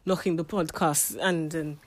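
A woman's voice: low voice, steady tone, unhurried. A woman giving a casual spoken book review, chatty and emotional, often restarting her sentences.

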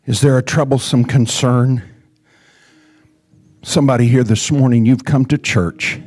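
A man preaching a sermon in a church, calling the congregation to respond and often rising to shouts. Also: mid-range voice, fairly even intonation, unhurried, dry recording, faint music behind. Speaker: pastor. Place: church sanctuary.

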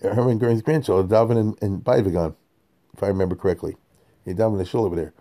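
A man's voice: lowish voice, fast talker, warm tone. A man teaching a conversational Torah class, digressive and chatty, often checking in with his listeners and chuckling between points.

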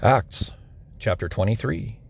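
Man reading scripture with a gravelly voice. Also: on the low side, lively intonation, slow, slight background noise. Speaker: Bible reader.

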